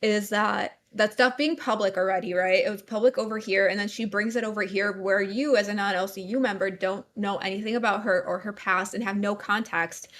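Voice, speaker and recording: A woman's voice: medium pitch, steady tone, fairly quick, hardly any pauses, a bit bright, a little hiss or hum. A woman co-hosting a casual livestream, opinionated and explaining her view at length while reading chat comments. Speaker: co-host.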